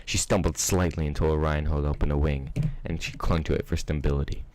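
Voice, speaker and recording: A man's voice: rumbling low, brisk. A man narrating a fan-fiction story aloud, reading steadily with the odd slip. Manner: steady read-aloud with small slips. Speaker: reader.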